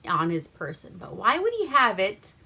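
A woman's voice: medium pitch, wildly swooping pitch, moderate pace, sharp tone, breathy edge. A woman from Alaska hosting a casual, profane movie review, laughing often and acting out characters' lines. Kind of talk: casual movie recap with swearing.

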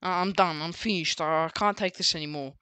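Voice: medium pitch, brisk, bright, forceful tone, smooth, no echo, close to an everyday voice. A speaker voicing an angry, fed-up young man in a retold story, snapping in annoyance. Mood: annoyed.

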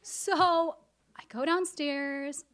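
A woman telling a personal story on stage, animated and expressive, acting out what her family said. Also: high voice, drawn-out words. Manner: animated, acts out family dialogue. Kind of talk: live storytelling performance.

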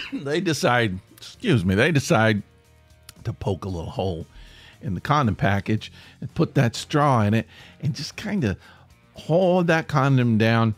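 A man hosting a podcast, telling a funny story in an animated, self-deprecating way and laughing mid-sentence. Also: medium pitch, a little slow, soft background music. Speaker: podcast host. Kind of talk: comic storytelling.

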